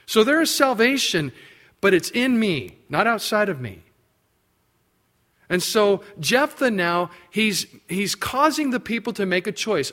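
A man preaching a sermon, explaining a Bible passage and acting out the quoted lines in a raised voice, then dropping low and quiet to stress his point. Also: big pitch swings, measured pace. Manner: drops low and quiet for emphasis. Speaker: pastor.

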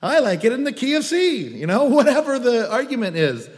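A male pastor delivers a sermon with a fairly high voice, animated and playful, dropping wry asides between points. The sound carries the long reverb of a large hall. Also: brisk. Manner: animated, joking asides and acted quotes.

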